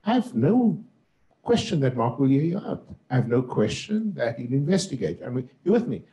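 A middle-aged man from South Africa, a professor on a panel discussion, speaking forcefully and building to emphatic outbursts. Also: mid-range voice, sing-song, brisk, rough recording.

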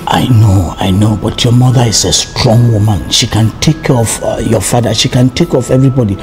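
A man's voice: fairly low pitch, fairly quick, darkish tone, faint music behind, natural voice. An actor playing a male union colleague who comforts and reassures a detained friend. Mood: reassuring. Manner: earnest, comforting.

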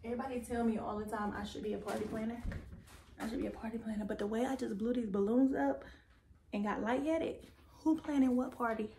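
A woman's voice: on the high side, fairly even intonation, fast, gravelly, warm tone. A young woman vlogger chatting casually and playfully to her viewers while decorating at home, sometimes dropping to a whisper. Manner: playful, talks straight to viewers; drops to a whisper at times. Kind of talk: casual vlog chat. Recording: noisy home recording.

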